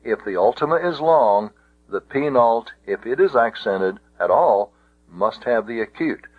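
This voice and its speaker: A man's voice: medium pitch, animated, measured pace, breathy edge, no echo. A man teaching Greek grammar, methodically and carefully spelling out each example. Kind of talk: explaining grammar rules. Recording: tinny phone-like audio.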